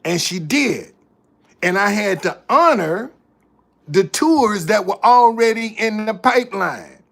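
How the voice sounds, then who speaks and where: Slow-talking gravelly man telling stories. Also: high-pitched. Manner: repeats and restarts phrases, animated. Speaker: tour guide. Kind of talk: casual storytelling to camera.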